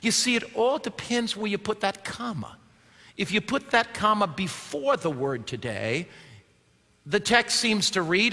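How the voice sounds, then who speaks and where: A man preaching a sermon in a high, bright, forceful voice. He swings from loud declaiming down to a hushed near-whisper and throws rhetorical questions at his listeners. The long reverb of a big hall trails his words. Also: expressive, moderate pace. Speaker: pastor.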